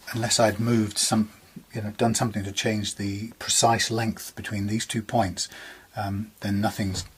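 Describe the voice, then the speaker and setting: A man's voice: lowish voice, a little hiss or hum. A man with an English accent chatting casually about a guitar repair in his workshop, rambling and bemused, laughing often.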